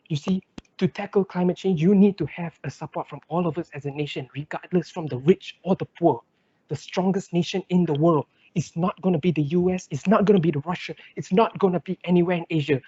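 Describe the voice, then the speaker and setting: Young guy debating, fired up and preachy, kinda high husky voice, dry muffled recording. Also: mellow, no room sound. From Malaysia. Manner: impassioned, rhetorical, builds in lists and repetition. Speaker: student debater. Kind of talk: competitive debate speech.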